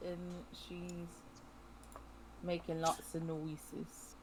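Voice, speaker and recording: Slow-talking playful woman player. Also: on the low side, completely flat delivery, a little mellow, slight background noise, low-quality recording. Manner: playful, drawn-out, teasing. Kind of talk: casual tabletop role-play.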